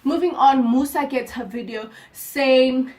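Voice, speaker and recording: A young woman recapping a reality show episode for her viewers in a casual, animated and exasperated way, often calling out "you guys". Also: sits high, unhurried, recorded from a distance. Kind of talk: casual chat to camera.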